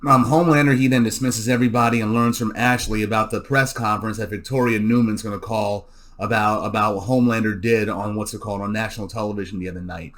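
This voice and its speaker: A man's voice: fairly low pitch, steady tone, fast talker, a bit bright. Man casually recapping a TV episode. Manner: loose, repeats words and restarts, laughs at jokes. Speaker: show recapper.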